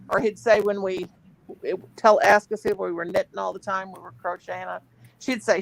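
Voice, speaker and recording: A woman's voice: medium pitch, level tone, brisk, vocal fry, rough recording. A middle-aged woman, chatting casually and laughing often while she crochets and counts stitches aloud on her channel.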